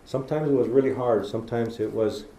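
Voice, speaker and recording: A middle-aged man gives a folksy storytelling lecture, his voice gravelly and mellow. He speaks in a roomy lecture hall, and a faint hiss sits under the recording. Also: medium pitch, fast talker. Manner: storytelling, folksy, acts out talking to kids. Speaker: public lecturer. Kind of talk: public talk.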